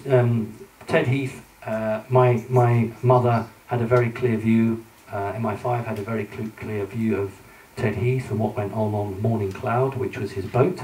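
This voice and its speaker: A man's voice: mid-range voice, dark tone. A man giving a talk with slides to a live audience, speaking conversationally and directly to them, with frequent ums and restarts. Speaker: public speaker lecturing with slides. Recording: roomy hall, voice from a distance.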